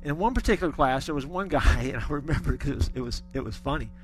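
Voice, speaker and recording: A man's voice: fairly high pitch, lively intonation, quick pace. A middle-aged man preaching a sermon, telling stories with folksy humor. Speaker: pastor.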